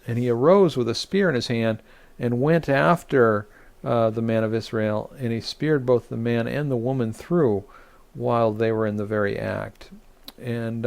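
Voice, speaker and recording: A man teaching a weekly online Torah study as rabbi, speaking haltingly with many fillers and restarts. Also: mid-range voice, vocal fry, darkish tone. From United States.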